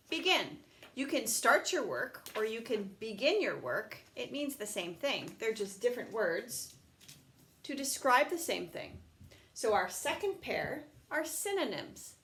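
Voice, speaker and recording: In an online lesson for young children, a woman speaks slowly and patiently, sounding out words in a sing-song teacher voice. Her tone is a little high and a bit bright, with a little hiss or hum in the audio.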